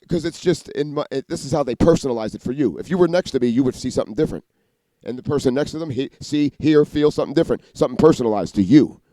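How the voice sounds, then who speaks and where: A man rants in a rapid, profane monologue, restarting his sentences and leaping from one idea to the next. His voice is dark and mellow at an ordinary pitch, recorded close and dry. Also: no room sound. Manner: rapid, profane, restarts and jumps between ideas. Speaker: vlogger. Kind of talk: rambling monologue to camera.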